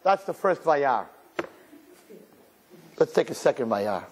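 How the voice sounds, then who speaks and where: A man as a rabbi giving a humorous sermon-lecture, telling stories with sarcastic, animated delivery. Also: mid-range voice, slow pace, pauses often, big-room sound, a little hiss or hum.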